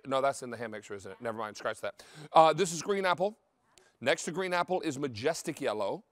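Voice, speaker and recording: A man's voice: on the high side, dry recording. A man hosting a live home-shopping show, giving chatty, upbeat selling patter about a kitchen appliance. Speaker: TV shopping host.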